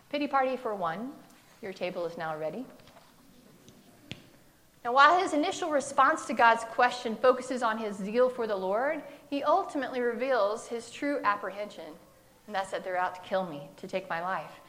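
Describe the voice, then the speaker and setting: Woman preacher, conversational sermon, slightly higher voice, acts out quotes with humor. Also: expressive, moderate pace, a bit bright.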